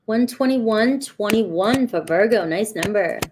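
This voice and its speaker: A woman's voice: mid-range voice, animated, measured pace, background noise. A woman doing a casual tarot reading, chatty and talking straight to her viewers, often checking in with "all right.". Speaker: tarot reader.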